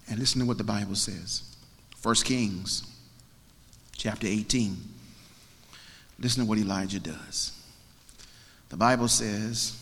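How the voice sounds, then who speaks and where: A man preaching a sermon, dramatic and swinging from shouts down to whispers. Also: medium pitch, long reverb tail.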